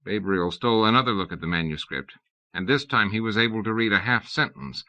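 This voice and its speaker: A man narrates a novel in a low, bright voice with measured, even delivery. The recording is dull and lo-fi, like an older audiobook tape. He reads steadily and clearly. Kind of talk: scripted narration.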